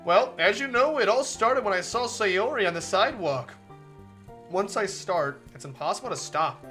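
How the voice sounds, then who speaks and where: Lively, bright-voiced male streamer. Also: high voice, moderate pace, faint music behind. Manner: playful, profane asides, excitable and jokey. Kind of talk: casual commentary while reading a visual novel aloud.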